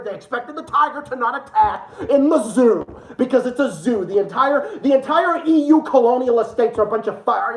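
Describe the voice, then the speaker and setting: A man's voice: very high voice, fairly bright tone. Ranting, profane male livestream host. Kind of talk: ranting political livestream commentary. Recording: roomy echo.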